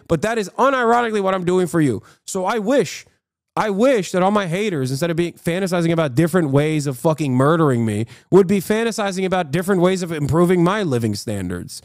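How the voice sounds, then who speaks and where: A man's voice: sits high, animated, a little fast, no echo, clean studio sound. An American man live-streaming, reacting to posts and chat in a profane, combative, mocking rant. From United States.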